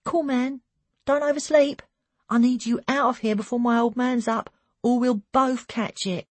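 Laid-back teen boy, hushed and breathy, voiced by a woman narrator. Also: on the high side, fairly even intonation, moderate pace, dry recording, voice pushed up, natural voice. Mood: hushed friendly. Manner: hushed, casual, says "man" a lot.

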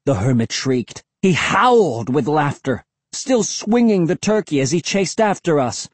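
An audiobook narrator giving a dramatic, expressive first-person reading. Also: mid-range voice, moderate pace, no room sound.

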